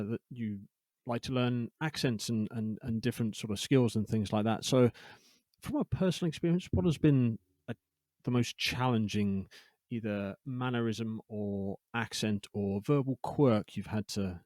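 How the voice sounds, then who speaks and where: A man's voice: on the low side, moderate pace, darkish tone, dry recording. Hesitant male podcast host, dry sound. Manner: hesitant, searching for words with many fillers. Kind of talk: interview questions.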